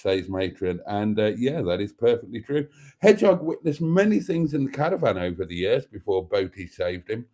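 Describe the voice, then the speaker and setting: A man's voice: lowish voice, expressive, moderate pace, dark tone. A middle-aged man, chatting casually on a live stream and reading viewer comments aloud with playful asides.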